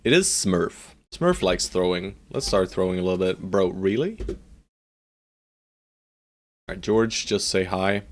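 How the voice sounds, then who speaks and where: A man streaming live gameplay, joking and talking to his units with loud jumps on exclamations. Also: deep voice, lively intonation, measured pace, pauses often. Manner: playful, jokey, talks to his units.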